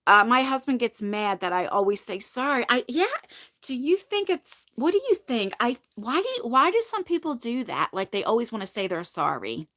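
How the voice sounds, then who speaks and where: A woman's voice: fairly high pitch, big pitch swings, normal speed, a bit bright. A woman beauty vlogger chatting casually and emphatically to her live audience. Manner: chatty, emphatic, frequent "you know what I mean".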